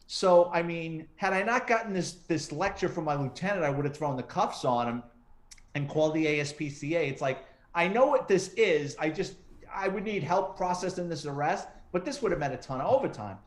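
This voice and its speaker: A man's voice: on the high side, fairly quick. A middle-aged man, a retired detective, telling stories in a casual interview and acting out the voices of people he quotes. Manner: animated, acts out quoted voices. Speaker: retired police detective and author, interview guest. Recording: roomy echo.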